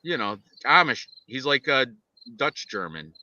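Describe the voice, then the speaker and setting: A man co-hosting a casual fight-picks show, rambling and excitable with lots of restarts. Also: medium pitch, measured pace, muffled recording, a little hiss or hum. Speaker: podcast co-host and fight picker.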